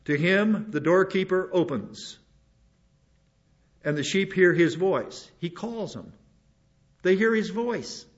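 A man's voice: high-pitched, expressive, slow pace, pauses often. An older man, a pastor, preaching a rambling sermon with many restarts and asides. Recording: dull lo-fi recording.

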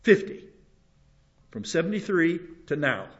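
A man's voice: a little high, big pitch swings, measured pace, a bit bright. An older man, a pastor, preaching a rambling sermon with many restarts and asides. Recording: dull lo-fi recording.

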